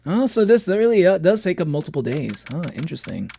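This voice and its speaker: A man's voice: high voice, big pitch swings, fairly quick, gravelly, warm tone, slight background noise. A man streaming a game, chatting playfully with viewers and laughing often. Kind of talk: casual let's-play chat with viewers.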